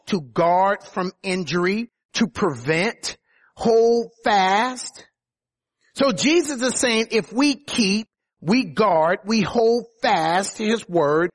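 A man's voice: high voice, breathy edge. A man preaching a sermon, teaching from scripture verse by verse and stressing key words. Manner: emphatic, rises on quoted words.

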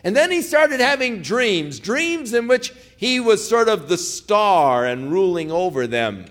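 A man's voice: sits high, sing-song, a little slow, fairly bright tone. A male preacher retelling a story in a sermon, conversational and emphatic.

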